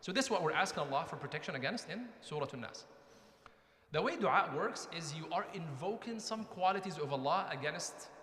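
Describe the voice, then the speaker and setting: A man delivers a conversational lecture in a mosque hall, his voice sitting slightly high. He often turns to the audience with questions. The recording carries the echo and long reverb of the large hall. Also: lively intonation, fairly quick, pushed and bright.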